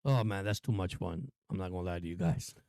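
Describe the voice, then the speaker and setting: A man hosting a live stream, giving casual, excitable play-by-play commentary. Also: sits low, quick pace, vocal fry, dry recording, clean studio sound. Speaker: sports stream host.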